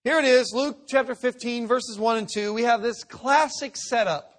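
A man preaching with a fairly high voice. He delivers his sermon emphatically, rising to loud declarations and dropping to quiet asides, and he sometimes acts out the voices he quotes. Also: normal speed. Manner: emphatic preaching, shifts between loud and hushed. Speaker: pastor.

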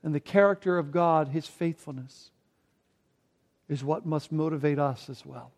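A man preaching a sermon as pastor, rising to emphatic points and dropping to quiet, deliberate lines. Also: fairly high pitch. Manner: preaching with emphatic rises and quiet dramatic drops; slow, deliberate delivery with repeated words.

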